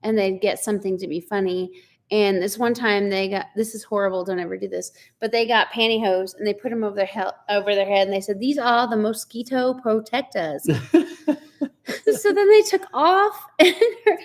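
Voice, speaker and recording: A chatty woman in her forties hosts a relaxed live stream. Her voice sits a little high, and she keeps laughing as she reads out viewer comments. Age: 40s. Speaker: livestream host. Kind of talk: casual live chat.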